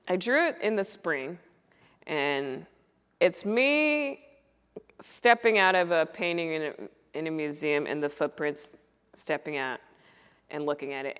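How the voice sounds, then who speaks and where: A woman comedian in her thirties tells stories onstage with a lively, swooping pitch, acting out what people said with sudden high, excited bursts. Her voice carries a long hall reverb from the auditorium around her. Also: unhurried, smooth. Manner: animated storyteller, acts out quotes with bursts of high excited voice. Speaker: comedian and guest. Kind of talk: casual onstage conversation. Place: stage in an auditorium.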